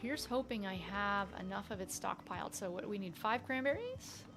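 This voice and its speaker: A woman's voice: medium pitch, lively intonation, normal speed, fairly bright tone. A woman with a light Canadian accent, live streaming a game and chatting aloud to herself and her chat.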